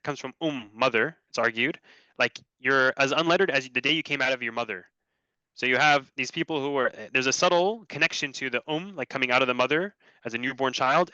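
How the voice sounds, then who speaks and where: A man giving a religious lesson, reciting short Arabic verses and explaining them in English with lively shifts. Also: medium pitch, no echo. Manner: animated, quickly switching between recited Arabic and English explanation. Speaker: Islamic teacher presenting on Quran structure. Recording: dry, dull lo-fi recording.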